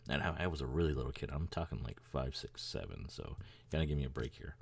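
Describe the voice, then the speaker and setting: A man's voice: extremely low pitch, expressive, fast talker, gravelly, husky. A man hosting a podcast in casual, rambling chat, swearing freely and chuckling as he talks. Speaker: podcast host.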